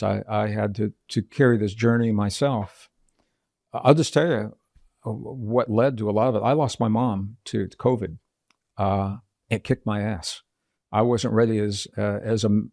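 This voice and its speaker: A man being interviewed as a guest author, telling personal stories and explaining ideas in a measured, earnest way. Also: lowish voice, gravelly, a little mellow, no echo, studio quality. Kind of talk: reflective interview storytelling.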